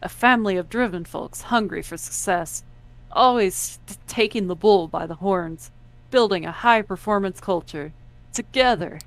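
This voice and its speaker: A woman's voice: moderate pace, natural voice. Woman putting on a boastful corporate AI woman. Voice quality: loud, upbeat sales pitch.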